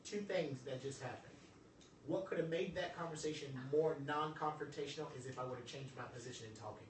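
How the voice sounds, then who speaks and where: Animated joking male speaker, echoey room. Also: a little high, a little fast. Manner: animated, joking, preacher-like delivery. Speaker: motivational speaker. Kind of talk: live talk to an audience. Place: event room with audience. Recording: echoey room from far off, some noise.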